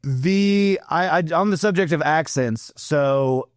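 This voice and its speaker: A man co-hosting a casual podcast chat, rambling and animated, with frequent restarts. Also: a little high, slow, clean tone, dry recording, clean studio sound. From California. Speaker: podcast co-host.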